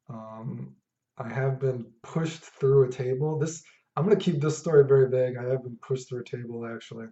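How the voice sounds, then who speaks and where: Casual male vlogger, rambling storyteller, warm dark voice, dull lo-fi echoey recording. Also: medium pitch. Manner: rambling, laid-back, many fillers and asides. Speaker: fragrance vlogger. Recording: echoey room, dull lo-fi sound.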